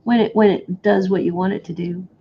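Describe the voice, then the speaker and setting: A woman's voice: medium pitch, fairly even intonation, fairly quick, creaky, breathy edge, highs cut off. A woman co-hosting a crafting session, chatting casually and chuckling between remarks. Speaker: crafting co-host. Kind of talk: casual chat while crafting.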